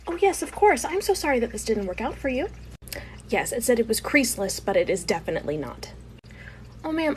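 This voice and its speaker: A woman's voice: fairly high pitch, darkish tone, a little hiss or hum. A woman acting out a comedy skit, switching between an overly polite clerk and a curt customer.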